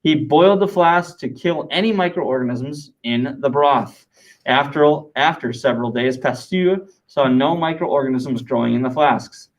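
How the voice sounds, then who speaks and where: A man teaching a classroom science lesson, lively and talking with students, dictating answers slowly and repeating them. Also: medium pitch, low-quality recording.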